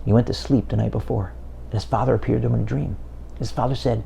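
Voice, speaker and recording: A man's voice: medium pitch, fairly even intonation, fast talker, gravelly, dark tone, a little hiss or hum. A man giving an inspirational speech, telling a story with dramatic emphasis and acting out the people in it. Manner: dramatic storytelling, voice rising when quoting. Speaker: speaker.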